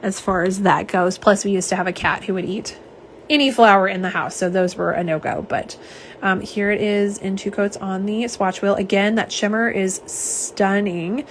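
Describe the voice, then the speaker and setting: A young woman chats on a live stream, rambling through asides and fillers. Her voice sits in a middle pitch, with a faint hiss of noise behind it. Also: fairly even intonation, moderate pace. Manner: chatty and warm, lots of fillers and asides. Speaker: nail polish swatcher. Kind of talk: live-stream chat, reading viewer comments. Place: home office.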